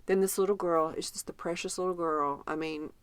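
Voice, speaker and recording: Brisk and lowish, with a clean tone, this podcast co-host's voice is recorded dry. She tells animated stories in casual chat and often breaks into laughter.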